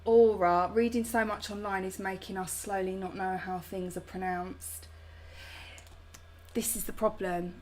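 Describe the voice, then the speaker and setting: Hosting a casual home livestream, this British-accented woman answers viewer comments with bubbly, slang-filled chatter. She speaks a little slowly at a medium pitch, her tone steady and somewhat dark, with slight noise in the background.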